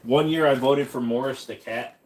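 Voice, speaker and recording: A man's voice: mid-range voice, steady tone, moderate pace, slight background noise. A man hosting a casual livestream chat, rambling in a laid-back way with lots of fillers. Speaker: host.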